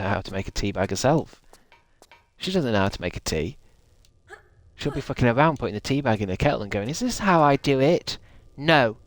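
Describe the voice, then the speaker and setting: Sweary sarcastic streamer. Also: male voice, on the low side, no room sound. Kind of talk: gaming livestream commentary.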